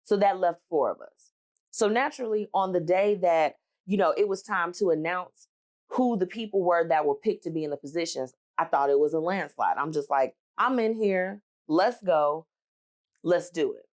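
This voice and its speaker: A woman in her thirties hosting a podcast, telling a personal story and giving advice in an animated, emphatic way, talking straight to her listeners. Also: lowish voice, normal speed. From United States. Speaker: podcast host.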